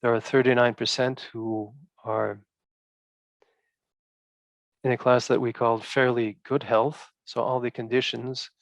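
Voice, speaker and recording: A male researcher presenting study results in a halting way, with many fillers and restarts. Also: mid-range voice, level tone, no room sound.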